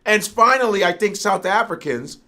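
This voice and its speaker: A man's voice: sits high, expressive, moderate pace, pushed and bright. A man ranting as a comedian in a played clip, heated and full of swearing. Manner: profane, heated. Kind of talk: stand-up style rant.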